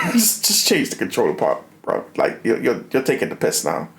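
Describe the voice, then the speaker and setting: A young gaming streamer with a medium-pitched, creaky voice rants casually at normal speed while playing. He's animated, swears a lot, trips over his words, and repeats himself, in a reverberant recording with background noise.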